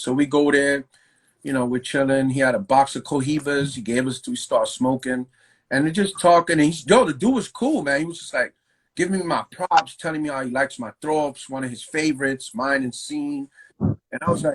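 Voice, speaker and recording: A graffiti writer telling stories in a loose, profane, slang-heavy way during a casual interview. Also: male voice, mid-range voice, moderate pace, fairly bright tone, husky, poor audio. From New York.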